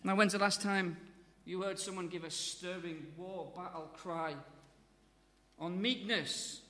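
A man preaching a sermon in a lively, joking way, acting out voices of crowds and speakers. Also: high voice, unhurried. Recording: long hall reverb.

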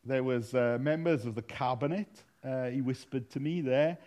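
A man's voice: medium pitch, moderate pace, darkish tone. A man preaching a sermon, telling funny stories with a self-deprecating, anecdotal manner. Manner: humorous anecdotal, self-deprecating, laughs at own jokes. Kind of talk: sermon with storytelling.

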